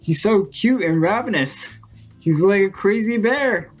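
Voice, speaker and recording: A man vlogging in a casual storytelling style, rambling and excitable, full of fillers. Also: high-pitched, measured pace, faint music behind. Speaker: gaming vlogger.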